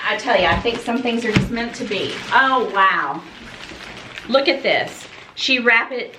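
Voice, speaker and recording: Gushing high-voiced woman vlogger. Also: sharp tone, roomy sound, a little hiss or hum. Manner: breathless and gushing, laughing and sighing. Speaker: fashion vlogger. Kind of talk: excited unboxing vlog.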